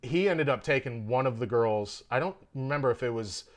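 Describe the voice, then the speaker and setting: A man telling a story in a casual podcast chat, animated and heavy on profanity. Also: medium pitch, fairly quick. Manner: profane, animated storyteller who puts on a Russian accent in quotes. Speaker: guest comedian. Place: podcast studio in Austin, Texas.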